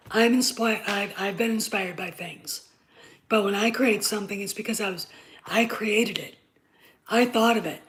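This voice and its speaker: A woman's voice: medium pitch, rough recording. A woman hosting a live stream, lecturing her chat insistently, repeating her points and checking in with "okay?".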